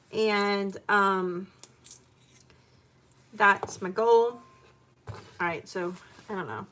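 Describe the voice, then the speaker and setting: Chopping and cooking in her own kitchen, this homemaker vlogger keeps up a rambling, casual chat. She speaks in a mid-range, sharp-toned voice, and a faint hiss or hum is audible.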